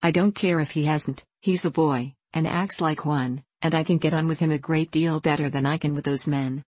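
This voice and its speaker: A woman voicing a young country girl who speaks plainly and earnestly, in a low voice. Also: fairly even intonation, normal speed, darkish tone, dry recording. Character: frank, well-mannered country girl, earnest.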